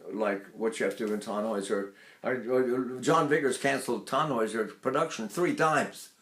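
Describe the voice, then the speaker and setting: A man's voice: medium pitch, reverberant. A man in his eighties teaching vocal technique, breaking into sung syllables to demonstrate. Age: 80s.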